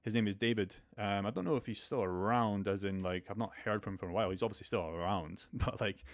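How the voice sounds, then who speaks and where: Male streamer, young, fast and blunt, casual profane pep talk. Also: lowish voice. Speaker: crypto live stream host. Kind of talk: casual live stream chat.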